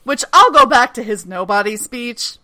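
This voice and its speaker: A woman's voice: fairly high pitch, normal speed, dry recording. A woman co-hosting a podcast, casually recapping a TV episode with profanity and acted-out lines. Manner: animated, profane, mimics characters' lines. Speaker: podcast co-host recapping a TV show.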